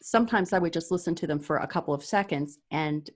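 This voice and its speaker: Being interviewed as an author, a woman with a somewhat low voice explains things in a measured way. The chat is casual, and she eases into anecdotes as it goes on.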